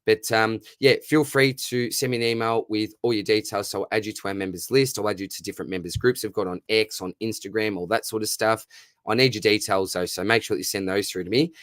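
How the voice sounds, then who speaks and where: A man's voice: on the low side, steady tone, quick pace, a bit bright, no room sound, clean studio sound. A young Australian man hosting a casual live fantasy football Q&A, matey and upbeat as he answers viewers. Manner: matey, upbeat, reads viewer questions aloud. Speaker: fantasy football livestream host.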